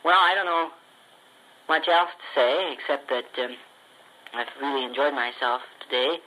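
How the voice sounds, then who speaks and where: A man's voice: medium pitch, fairly even intonation, normal speed, pushed and bright, low-quality recording. A man speaking in a friendly, chatty recorded letter. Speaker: ventriloquist.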